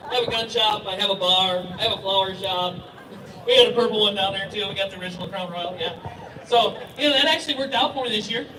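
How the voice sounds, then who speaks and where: A man's voice: high-pitched, background noise. Middle-aged man joking over an echoey PA. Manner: storytelling, laughs at own jokes. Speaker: rally emcee and gun dealer. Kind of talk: joking stage emcee speech. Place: outdoor rally stage. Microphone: stage microphone heard through PA from afar. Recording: echoey PA sound from far off.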